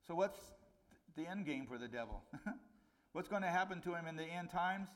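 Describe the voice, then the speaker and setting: A middle-aged man preaching a conversational sermon, his voice rising on key points and dropping low on warnings. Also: animated, moderate pace. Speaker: pastor.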